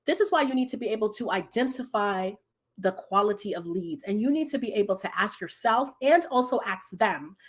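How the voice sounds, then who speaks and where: A woman's voice: medium pitch, lively intonation, fairly quick. A woman business coach hosting a live stream, chatting casually and animatedly with her viewers and laughing often.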